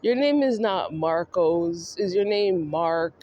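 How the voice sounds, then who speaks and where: A woman's voice: on the low side, lively intonation, slow, dark tone, dull audio, a little hiss or hum. A woman vlogger ranting in a scolding, mocking monologue that speaks straight to the person she criticizes. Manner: scolding, mocking, addresses the subject directly.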